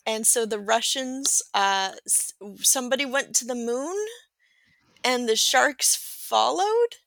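Slow, bright-voiced woman recapping a film. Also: fairly high pitch, animated, creaky, dry recording. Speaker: podcast host summarizing a film. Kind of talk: casual chat.

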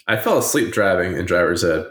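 A man's voice: sits low, lively intonation, brisk, fairly bright tone. A man co-hosting a casual podcast, laid-back, with joking asides. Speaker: podcast co-host. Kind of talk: casual chat. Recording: roomy echoey room.

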